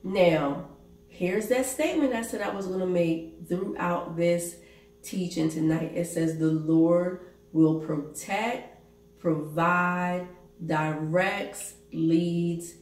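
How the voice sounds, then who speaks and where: A woman pastor preaching a sermon, reading Bible verses aloud in a deliberate way. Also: fairly low pitch, a little mellow. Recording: echoey room, voice from a distance.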